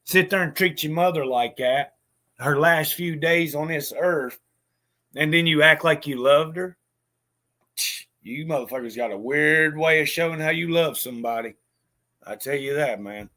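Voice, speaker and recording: Bitter, foul-mouthed man with a slightly high voice. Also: moderate pace, sharp tone. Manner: bitter, heavy swearing, stammered restarts. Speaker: storyteller. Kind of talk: casual spoken monologue.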